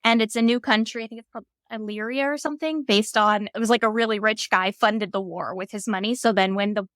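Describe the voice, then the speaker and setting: A woman's voice: medium pitch, steady tone, fast, a bit bright, no echo, studio quality. A woman co-hosting a book podcast, telling stories with enthusiasm in casual chat. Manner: storytelling, enthusiastic. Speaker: podcast co-host.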